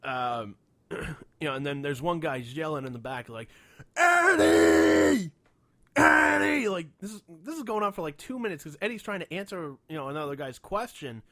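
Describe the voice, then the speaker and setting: A man tells stories on a casual podcast, his voice swinging high and low as he acts out other people. He sits a little above the usual pitch for a man. The sound is dry and close. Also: fairly quick, no echo. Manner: profane, animated storyteller acting out quotes. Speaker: podcast co-host.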